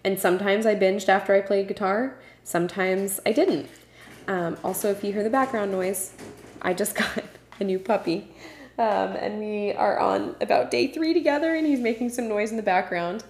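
A woman's voice: mid-range voice, normal speed, darkish tone, a little hiss or hum. Earnest woman host in an echoey room. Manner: earnest, passionate, with frequent um and uh. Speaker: podcast host. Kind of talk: solo podcast talk. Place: home room with a puppy nearby. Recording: roomy echo.

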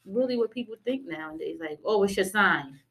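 A woman co-hosting a podcast, teasing the others and cutting in with quick interjections in casual chat. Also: medium pitch, expressive, a bit bright. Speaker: podcast co-host.

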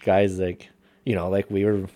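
A man telling hunting stories in casual podcast chat, profane and animated. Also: sits low, moderate pace.

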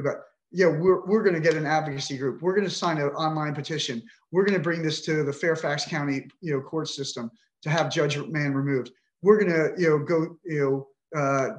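A middle-aged man with a slightly high voice tells his own story on a podcast in an echoey room. His emotional personal account is frustrated and indignant, with frequent swearing.

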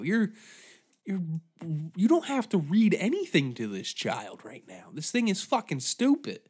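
Profane, animated man ranting on a podcast. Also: high-pitched, a little slow, husky. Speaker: podcast host. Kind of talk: comedic rant.

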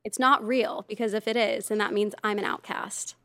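A woman guest on a podcast, telling stories casually and lively, often slipping into quoted voices. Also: medium pitch, moderate pace, no echo. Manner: animated, lively storyteller who slips into quoted voices. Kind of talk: casual storytelling in conversation.

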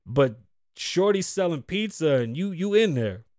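A man's voice: fairly high pitch, a little slow, no room sound, studio quality. A man hosting his own show, ranting in casual commentary with profane outbursts and muttered asides. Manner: animated, profane, swings between loud outbursts and muttered asides. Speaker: podcast host.

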